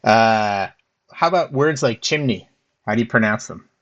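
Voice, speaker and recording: A man's voice: lowish voice, expressive, normal speed, fairly bright tone. Casual host, man, hesitant and stop-start, slightly muffled audio. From Philadelphia area. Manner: hesitant, restarts often, laughs easily. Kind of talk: casual chat.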